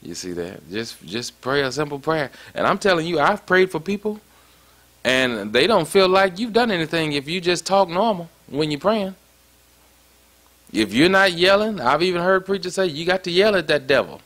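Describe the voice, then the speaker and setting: A man's voice: a little high, sing-song, normal speed, a bit bright. A man preaching a sermon in a conversational way, often stopping to ask "you see that?". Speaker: pastor.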